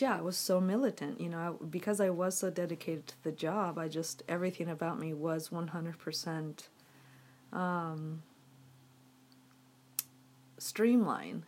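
A woman's voice: on the low side, a little mellow. A woman vlogging to her audience on a phone, rambling with many fillers and frequent swearing. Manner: frustrated, swearing, filler-heavy. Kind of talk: casual rambling to camera.

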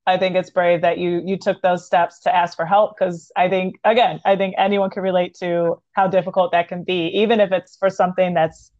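A woman's voice: on the low side, little pitch movement, normal speed, hardly any pauses, darkish tone, no echo. A woman hosting a podcast interview, supportive and encouraging with light giggles. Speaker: podcast host. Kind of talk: casual interview chat. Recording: dry, dull lo-fi sound.

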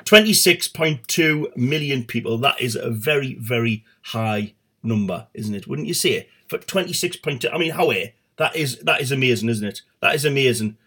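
Sweary rambling comedy host. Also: male voice, mid-range voice, expressive, moderate pace, pushed and bright, breathy edge. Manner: rambling, sweary, stumbling restarts. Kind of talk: satirical comedy monologue.

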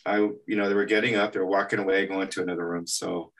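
An animation artist from El Paso, Texas, tells anecdotes in an interview, animatedly acting out the quotes. His voice sits low and moves at a quick pace, captured on a distant mic.

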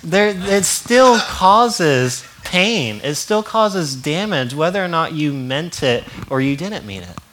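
A man's voice: a little high, animated, slow, hardly any pauses, noisy background. A young man preaching a sermon in a casual, conversational way, often laughing and acting out quotes. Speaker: pastor.

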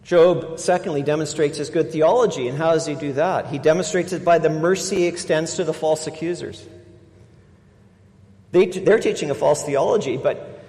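Emphatic preacher in a reverberant hall. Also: male voice, on the high side, moderate pace. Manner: emphatic, swings between loud stresses and quiet asides. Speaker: pastor. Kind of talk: sermon. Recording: long reverb of a large hall.

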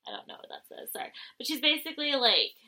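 A woman's voice: high voice, wildly swooping pitch, fast, sharp tone, poor audio. A woman chatting casually as co-host, recapping and mocking a reality show, acting out quotes with sarcasm. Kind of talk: casual chat.

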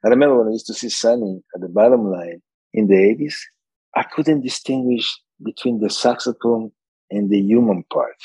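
A man's voice: on the low side, moderate pace, breathy edge, no echo, rough recording. An older man, an interview guest telling stories, laughing often and acting out quotes. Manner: animated storyteller, laughs often, acts out quotes. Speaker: interview guest, saxophone repairman. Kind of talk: casual interview chat.

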